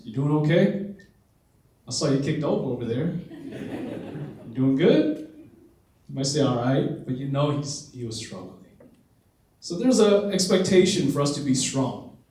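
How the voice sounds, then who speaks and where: A man's voice: fairly high pitch, warm tone. A man presenting at a conference, telling a personal story in an earnest, emotional way. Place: conference hall. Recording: echoey hall from far off.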